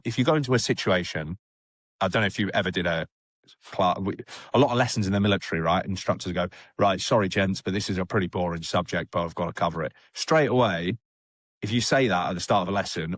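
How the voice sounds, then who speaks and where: Low-voiced young man. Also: fairly bright tone, no room sound, clean studio sound. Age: young adult. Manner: candid, plain-spoken, full of fillers. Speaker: rehab client guest. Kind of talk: casual storytelling.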